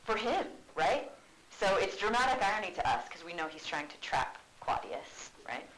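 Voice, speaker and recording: A woman's voice: medium pitch, sing-song, moderate pace, a bit bright, a little hiss or hum, poor audio. A woman teacher giving a casual, chatty classroom explanation, full of "like"s, in a classroom.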